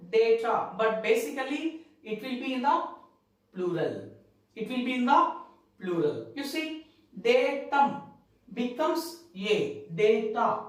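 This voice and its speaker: Indian English woman teacher, high voice, spells words out slowly, far from the mic in a very echoey room. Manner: slow, repeats each word and spells it letter by letter. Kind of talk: spelling out plural forms in a lesson.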